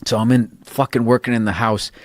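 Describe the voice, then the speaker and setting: A man's voice: medium pitch, level tone, a little fast, no room sound, studio quality. A man, a comedian, telling stories in casual podcast chat, swearing freely and laughing often. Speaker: comedian guest.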